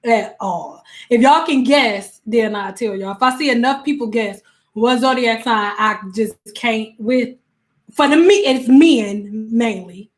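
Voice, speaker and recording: Woman, livestream host, casual chat with viewers, higher voice, laughs often, acts out quoted voices. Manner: chatty and animated, acting out quick quoted voices; laughs often while talking. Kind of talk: casual chat answering live comments.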